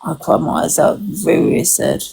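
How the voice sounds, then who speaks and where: A woman's voice: low voice, normal speed, gravelly, darkish tone, husky, poor audio. A woman hosting a casual livestream chat, rambling and swearing freely, with many restarts.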